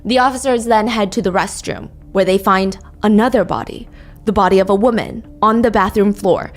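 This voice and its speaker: A woman's voice: medium pitch, moderate pace, faint music behind. Woman narrating a true crime story. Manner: dwells on grisly details and reads quotes aloud.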